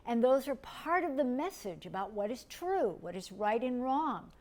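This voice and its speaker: Lady teaching a class, gentle and patient, a bit high voice, asks the room questions. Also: very animated, moderate pace, a little hiss or hum. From United States. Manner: gentle, explaining step by step with questions. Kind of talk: recorded lecture.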